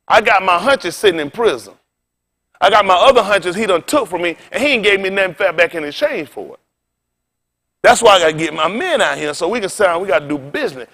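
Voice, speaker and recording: A man's voice: high-pitched, a bit bright. A male pastor preaching an informal sermon, folksy and colloquial, telling stories and quizzing the congregation.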